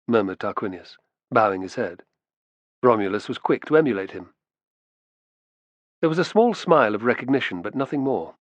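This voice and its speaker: A man reading an audiobook in steady, measured scripted narration. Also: mid-range voice, no echo, lo-fi sound.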